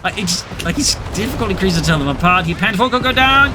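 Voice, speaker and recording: A man casts a war strategy game with brisk, excitable play-by-play and a wry streak. His voice sits notably high for a man. Loud game gunfire and artillery rumble beneath his commentary. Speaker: game caster. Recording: commentary over loud game battle sound.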